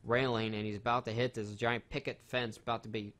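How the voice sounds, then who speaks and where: A man's voice: medium pitch, flat delivery, fairly quick, a bit bright. Man rambling through a profane film recap. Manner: profane, rambling retelling with many fillers. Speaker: film reviewer. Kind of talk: casual film review chat.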